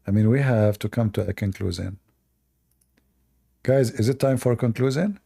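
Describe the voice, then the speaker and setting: A man's voice: mid-range voice, moderate pace, creaky, dark tone, husky. A man with a non-native English accent, hosting a live debate stream with mocking, sarcastic asides. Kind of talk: casual livestream talk.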